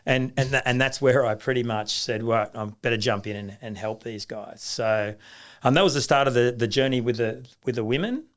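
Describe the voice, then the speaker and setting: A middle-aged Australian man, a rugby league coach appearing as an interview guest, tells stories casually and anecdotally. His voice is medium-pitched and fairly quick, with many restarts and acted-out quoted voices.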